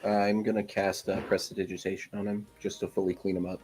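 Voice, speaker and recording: A man's voice: low voice, flat delivery, a little fast, a little mellow, breathy edge, soft background music. A man playing a tabletop game, joking and playful as he talks over his moves. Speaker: player. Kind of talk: casual tabletop game chat.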